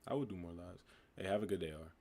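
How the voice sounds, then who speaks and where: Young male streamer, 19, low and gravelly, relaxed chat reading comments. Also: fast talker. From United States. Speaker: livestream host. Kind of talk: casual live-stream chat answering comments.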